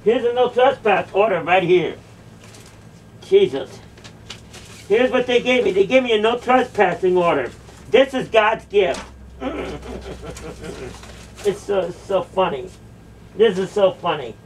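A woman's voice: mid-range voice, expressive, a little slow, long pauses, a little mellow, far from the mic, slight background noise. A woman delivering a confrontational, mocking monologue, sarcastically repeating phrases back. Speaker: video creator confronting a church.

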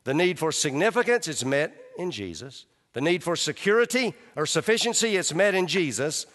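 A man preaching a sermon as pastor, fervent and rising, then dropping to a hushed, slow intimacy. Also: on the high side, big pitch swings. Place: large church sanctuary. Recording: live church hall reverb.

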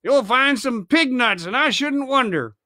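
A man voicing an insolent old pirate captain in a storybook reading, unhurried and mocking. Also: high voice, very animated, pushed and bright, no echo, studio quality, exaggerated voice. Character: cool, insolent one-legged pirate captain.

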